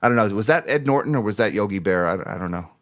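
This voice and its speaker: A man's voice: fairly low pitch, lively intonation, quick pace, a bit bright. Male livestream host, casual market commentary, jokey and chatty, thanks viewers by name. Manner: chatty, joking, laughs often.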